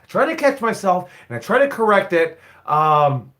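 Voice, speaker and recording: A man in his forties with a high, sing-song voice that sounds pushed and bright talks at a moderate pace. As a wrestling school owner and head coach, he rambles on a casual live stream, blunt and freely profane in his storytelling.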